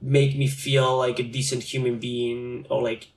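A man's voice: medium pitch, flat delivery, measured pace, roomy sound. A man in casual, profane conversation, rambling with lots of fillers. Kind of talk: casual chat.

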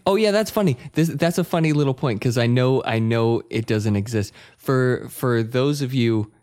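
A man's voice: medium pitch, normal speed, darkish tone. A man hosting a podcast in casual chat, talking straight to listeners and teasing his co-host. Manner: chatty, teasing, talks to listeners.

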